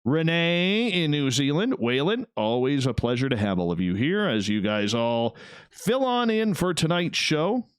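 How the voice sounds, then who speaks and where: A man's voice: sing-song, unhurried, clean tone, dry recording, clean studio sound. A man hosting a live radio show and stream, chatting casually and greeting listeners in an upbeat way. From Canada. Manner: upbeat, chatty, jumps between high and low pitch.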